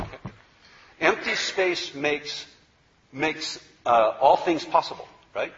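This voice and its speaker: A man's voice: fairly high pitch, unhurried, fairly bright tone, highs cut off, slight background noise. A man teaching a yoga philosophy class, conversational and repetitive, often checking in with "okay?". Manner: conversational, repeats words, asks "okay?" often. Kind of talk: spoken lecture to a class.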